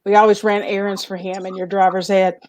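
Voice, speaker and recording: A woman's voice: medium pitch, a little fast. A woman from Tennessee with a Southern US accent, telling stories in a casual group chat. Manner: chatty storyteller, animated. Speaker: show regular.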